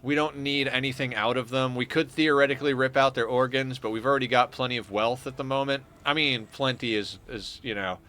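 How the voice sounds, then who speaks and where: Man, game stream commentary, sharp bright voice, rambling, chatty, casual swearing. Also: mid-range voice, fairly even intonation, a little fast, hardly any pauses, a little hiss or hum. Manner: rambling, loose and chatty, swears now and then. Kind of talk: casual let's-play commentary.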